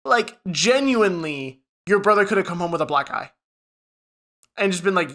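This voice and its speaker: A man's voice: sits high, expressive, moderate pace, fairly bright tone. A young man co-hosting a podcast, swearing a lot as he retells a story in casual chat. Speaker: podcast co-host.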